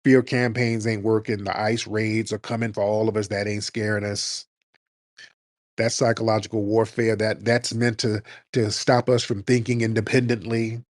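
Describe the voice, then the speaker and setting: A man's voice: fairly low pitch, level tone, moderate pace, no echo, clean studio sound. A man hosting a live call-in show, giving blunt, combative political commentary in slangy speech. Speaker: host.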